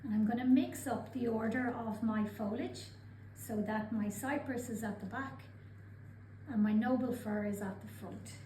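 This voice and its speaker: A woman calmly talking through each step of a craft demonstration as she works with her hands. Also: on the high side, normal speed, background noise. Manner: calm, methodical, narrating her own actions. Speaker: craft instructor. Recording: roomy sound with clear background ambience.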